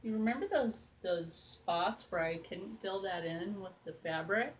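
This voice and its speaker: Slow, rambling woman crafting at home. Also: on the low side, slight background noise, rough recording. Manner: rambling, chatty, talks to the doll and viewers. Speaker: craft vlogger. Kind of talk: casual crafting chat.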